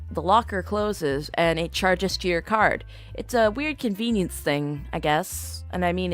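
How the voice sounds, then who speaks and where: A young woman streamer casually telling an exasperated travel story, acting out the voices of the people she met. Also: lowish voice. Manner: animated, exasperated storytelling with acted-out dialogue.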